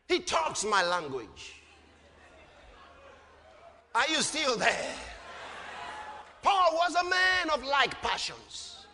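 A man preaching a sermon emphatically, often rising to shouts and dropping low on repeated refrains. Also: wildly swooping pitch, slow pace, pauses often. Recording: long hall reverb.

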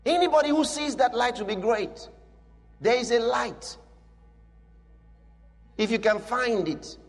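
A man preaching a sermon as pastor, emphatic and drawn-out, rising now and then into a shout. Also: extremely high pitch, animated, faint music behind. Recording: long hall reverb.

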